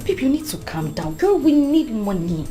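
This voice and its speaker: In a Nollywood-style skit, a young adult actress plays a scheming female student with a Nigerian accent, coaxing and persuading while slipping into Pidgin. Her voice is fairly high and dark-toned, with wide pitch swings and a moderate pace, over soft background music.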